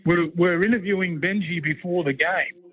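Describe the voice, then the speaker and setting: A former player now working as a commentator, this middle-aged Australian man chats casually on radio by phone, telling rambling yarns in a matey way. His high voice moves at normal speed with a slightly rough edge, and the line sounds tinny.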